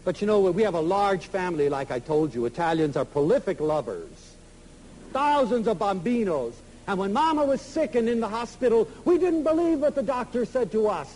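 A man giving an emotional, storytelling lecture to an audience, swinging from loud to soft. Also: high-pitched, big pitch swings, normal speed, slight background noise, poor audio.

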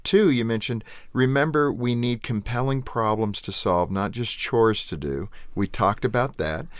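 A man's voice: medium pitch, unhurried, no echo. Man radio host in a dry studio. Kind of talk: radio talk show conversation.

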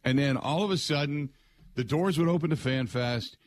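Animated male sports radio host. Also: fairly high pitch, normal speed, a little hiss or hum. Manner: excitable, mimics voices, frequent restarts.

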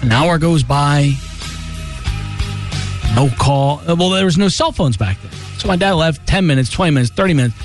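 A man's voice: on the high side, normal speed, music in the background. A male radio host telling a casual story and acting out the voices of his family. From New Jersey.

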